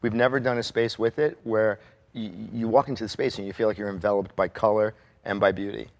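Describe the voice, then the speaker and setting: A man's voice: lowish voice, level tone, a little fast. A man who is an interior designer, telling anecdotes in a chatty way on a panel. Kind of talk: panel talk, storytelling.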